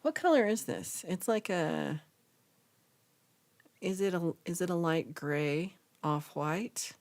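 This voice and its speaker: A young woman hosting a casual livestream, reading viewer comments aloud and chatting in a lively, reactive way. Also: on the low side, slow pace, vocal fry. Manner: chatty, reacts with gasps and laughs, animated. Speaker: livestream host reading chat.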